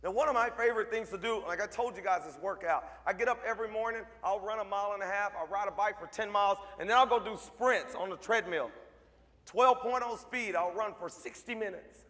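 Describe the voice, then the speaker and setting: At a school assembly, a motivational speaker with a high-pitched voice fires off short, punchy lines and jokes at the students, addressing the crowd directly. He talks a little fast with a bright, forceful tone, and the large hall gives his voice a long reverb.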